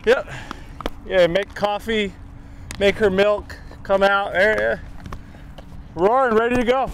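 A man's voice: sits high, fairly even intonation, slow pace, pauses often, a little hiss or hum, rough recording. A man who plays baseball, joking and chatting on a clip-on mic at outdoor training. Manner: joking, chatty, laughs often. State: out of breath. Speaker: baseball pitcher. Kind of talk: casual chat while training.

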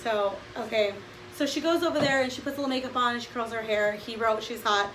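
A woman's voice: on the high side, fast talker. A woman hosting a casual podcast chat, recapping a plot in a dry, wry way. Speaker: podcast host. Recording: echoey room with background noise.

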